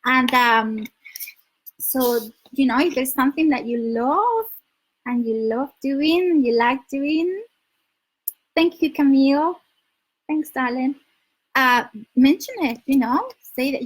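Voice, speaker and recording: A chatty woman with a Spanish accent talks casually to her live viewers, laughing often and answering their comments. Her voice sits high for a woman. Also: lively intonation, slow pace, pauses often, slightly rough, poor audio. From Spain. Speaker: dating advice live streamer. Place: her home in London.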